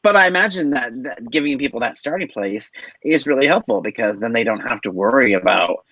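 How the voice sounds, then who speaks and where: A man's voice: medium pitch, expressive, a little fast, fairly bright tone, no room sound. A man who is a podcast guest, chatting casually and playfully acting out quotes in funny voices. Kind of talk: casual interview chat. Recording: dull lo-fi sound.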